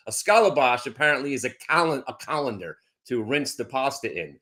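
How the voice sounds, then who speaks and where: Animated man telling stories on a market show. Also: mid-range voice, fairly quick. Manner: animated storyteller, repeats himself. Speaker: market commentator. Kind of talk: casual chat.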